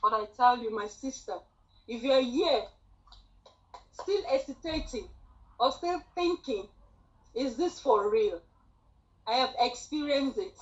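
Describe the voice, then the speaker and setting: A woman, a student nurse telling her story in an animated, chatty way on a group call. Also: fairly high pitch, takes it slowly, long pauses, highs cut off. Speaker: student nurse sharing a testimony.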